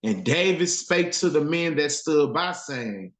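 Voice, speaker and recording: A man's voice: fairly high pitch, animated, unhurried, few pauses, fairly bright tone. A man teaching a Bible class who reads archaic verses aloud and then retells them in street slang. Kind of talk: scripture reading with commentary. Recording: roomy echo.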